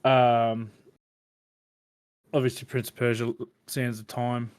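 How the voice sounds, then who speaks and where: A man's voice: medium pitch, little pitch movement, slow, a little mellow, clear, resonant tone. A man hosting a podcast, chatting loosely about video games with lots of fillers. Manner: rambling, filler-heavy gamer chatter. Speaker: podcast host. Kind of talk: casual chat.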